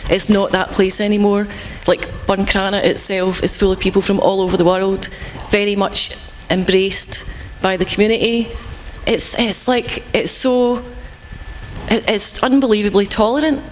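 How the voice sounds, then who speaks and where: A woman speaking on an art panel, telling stories in a chatty, animated way. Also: medium pitch, moderate pace, in a large hall, slight background noise. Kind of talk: panel discussion.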